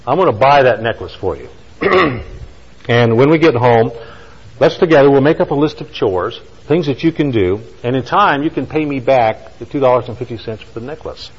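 A man voicing a patient mother who reasons gently with her young daughter. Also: medium pitch, expressive, normal speed, husky, lo-fi sound. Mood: encouraging. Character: patient, sensible mother bargaining with her child.

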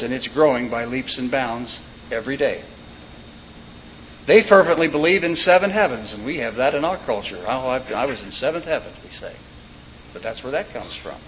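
Folksy joking preacher, lo-fi recording. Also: male voice, mid-range voice. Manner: folksy, joking asides and told stories. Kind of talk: sermon. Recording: dull lo-fi recording with faint background noise.

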